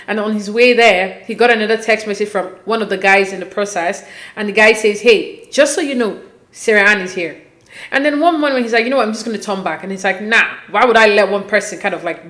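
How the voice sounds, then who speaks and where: A woman hosting a casual, animated recap, talking conversationally and acting out quotes as she goes. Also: medium pitch, roomy sound. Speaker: podcast host recapping a reality show.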